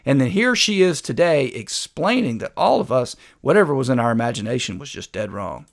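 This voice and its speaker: Gravelly sarcastic male commentator. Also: medium pitch, lively intonation, fairly quick. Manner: sarcastic, combative. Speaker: host. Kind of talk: political commentary.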